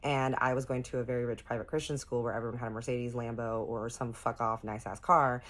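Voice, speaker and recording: A young woman with a very low voice tells a storytime to her viewers. She is animated and profane, talking straight to the camera in a casual vlog. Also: brisk. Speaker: vlogger.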